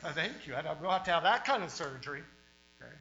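A man preaches in a church with a forceful, sharp, slightly high voice, stretching out words and swinging between loud and soft. The room sounds echoey and the sound is a little dull, with a faint mains hum underneath. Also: sing-song, gravelly. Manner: emphatic preaching with sudden swings in loudness and drawn-out words. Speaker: pastor. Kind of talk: sermon.

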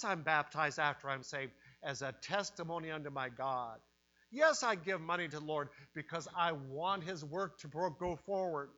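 A man preaching a sermon, dropping to a hush and rising to loud cries. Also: on the high side, lo-fi sound. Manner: dramatic swings from hushed to loud.

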